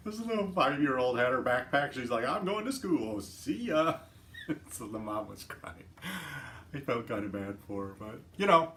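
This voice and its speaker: A friendly, talkative man hosts a live stream in a relaxed, casual way. He laughs often and chats directly with the viewers, greeting each one by name. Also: mid-range voice. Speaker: livestream host. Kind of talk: casual chat.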